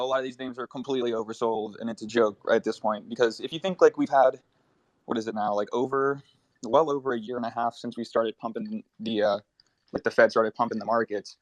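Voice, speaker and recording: A man's voice: mid-range voice, no echo. A man commentating on the markets in a casual audio chat, rambling along with many "like"s. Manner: rapid, rambling, heavy use of "like".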